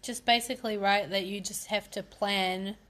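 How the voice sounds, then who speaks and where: A woman co-hosting a podcast in casual chat, talking in a relaxed, rambling way with lots of "like". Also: mid-range voice, normal speed. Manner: relaxed and rambling, full of "like" fillers. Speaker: podcast co-host.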